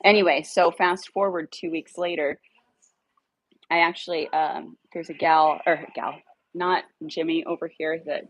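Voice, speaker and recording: A woman casually telling a dog rescue story, animated, swearing now and then and acting out her own lines. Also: unhurried, muffled recording. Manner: animated, acts out her own dialogue in a higher voice; swears casually when irritated.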